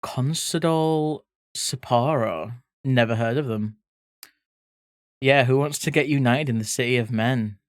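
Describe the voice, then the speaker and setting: A playful art streamer chats loosely with viewers while working, reading their messages aloud and dropping the odd swear. The voice sits at a middling pitch and is recorded close and dry, with no room sound around it. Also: fairly even intonation, moderate pace, long pauses, no room sound. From England (grew up in Leeds). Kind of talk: casual chat with live viewers while drawing.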